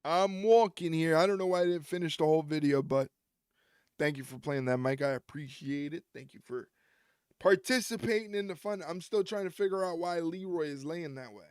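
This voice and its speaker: A man's voice: fairly high pitch, fairly quick, smooth, dry recording, clean studio sound. A man hosting a wrestling watch-along stream, chatting casually and teasing a friend. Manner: joking, teasing a co-viewer. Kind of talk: casual live-stream commentary.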